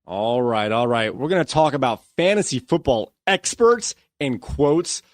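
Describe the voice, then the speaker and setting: A man co-hosting a casual podcast, excitable and quick to break into loud, fired-up rants. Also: mid-range voice, no room sound, clean studio sound. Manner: excitable, prone to loud ranting. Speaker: podcast co-host.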